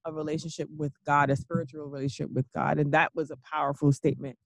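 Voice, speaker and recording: High-pitched guy hosting a chat, lively, laughs a lot, dry audio. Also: fast, vocal fry, no room sound. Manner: animated, laughing, repeats "literally". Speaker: podcast host. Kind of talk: casual conversation recap.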